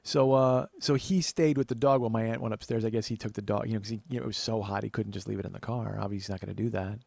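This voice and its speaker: A man's voice: on the low side, steady tone, racing, vocal fry, darkish tone, no echo. A man in his forties who hosts a comedy show and tells a personal story in a wry, rambling way with plenty of profanity. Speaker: comedian host.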